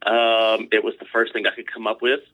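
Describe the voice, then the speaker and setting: A man's voice: fairly low pitch, monotone, a little fast, narrow, tinny audio. A man guesting on a casual chat, complaining bluntly and in a laid-back way.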